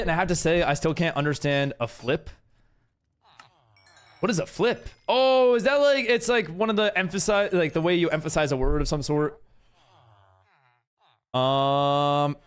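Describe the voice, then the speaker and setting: A man's voice: high-pitched, clean tone. A young man streaming a game live, chatting away and reading out and reacting to viewers' messages. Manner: chatty, reads chat aloud and reacts. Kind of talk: live-stream chat while gaming.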